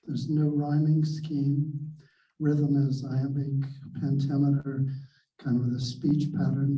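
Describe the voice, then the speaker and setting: A man introducing himself and then reading his own blank verse poem slowly and carefully, recorded in a library. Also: medium pitch, level tone, mellow. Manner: slow, measured reading with small self-deprecating laughs. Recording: echoey and distant, dull sound.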